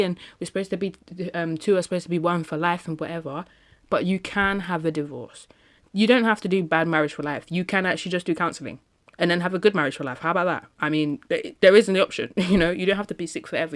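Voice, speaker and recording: A woman's voice: lowish voice, quick pace. A woman talking casually in a solo podcast, chatty and emphatic, often laughing between points. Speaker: podcast host.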